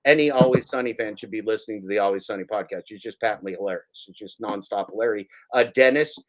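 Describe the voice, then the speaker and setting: A man hosting a casual talk show, rambling and excitable, swearing often. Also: fairly low pitch, fast. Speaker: show host. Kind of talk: casual chat.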